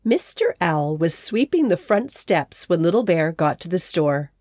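A woman narrating a children's story in a gentle, measured way. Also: fairly low pitch, sing-song, dry recording, studio quality.

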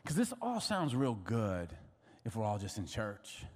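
A middle-aged man preaching a sermon, telling stories in an animated way and acting out other people's voices. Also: fairly low pitch, unhurried. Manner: animated storytelling, acts out voices and laughs. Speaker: pastor. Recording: long hall reverb.

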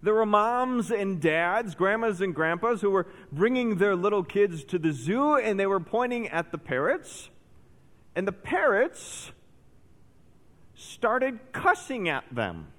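A man preaching to his congregation in a fairly high voice. His sermon swings between animated storytelling and hushed, weighty emphasis. The long reverb of a large church hall trails after each phrase. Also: slow. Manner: animated storytelling, dropping to soft intense emphasis. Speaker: pastor.

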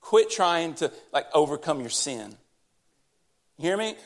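A man's voice: on the high side, big pitch swings, a little slow. A man preaching a sermon in church, talking directly and conversationally to his congregation as their pastor. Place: church sanctuary during service.

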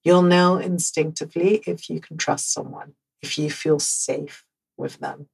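A woman from the Netherlands with a Dutch accent, hosting a podcast and telling a personal story in an animated way, repeating words for emphasis and laughing often. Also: sits low, measured pace, vocal fry, breathy edge, poor audio. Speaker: podcast host.

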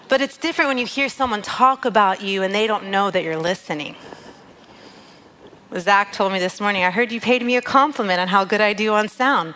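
A woman's voice: mid-range voice, moderate pace, fairly bright tone, slight background noise, poor audio. A woman giving a heartfelt, conversational devotional talk and reading scripture aloud. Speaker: worship leader sharing a devotional. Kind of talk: devotional teaching.

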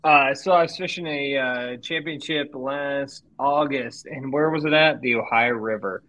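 A man's voice: medium pitch, measured pace, fairly bright tone, dry recording, low-quality recording. A man co-hosting a casual fishing podcast, telling a rambling story and breaking into laughter. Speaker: podcast co-host.

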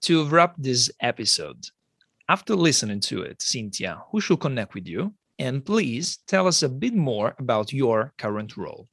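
A man's voice: medium pitch, sing-song, moderate pace, fairly bright tone, husky. A man hosting an interview, asking short wrap-up questions. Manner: brief, wrapping-up questions. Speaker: podcast host.

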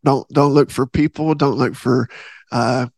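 A man's voice: mid-range voice, steady tone, unhurried, vocal fry, dry recording. A man hosting a faith podcast, talking earnestly in a rambling, casual way with many restarts. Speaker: podcast host.

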